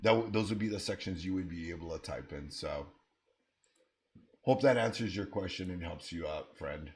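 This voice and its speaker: A man with a low voice hosts a live trading stream, speaking at normal speed as he casually thinks aloud about his trades. He also answers viewers in chat while giving his market commentary.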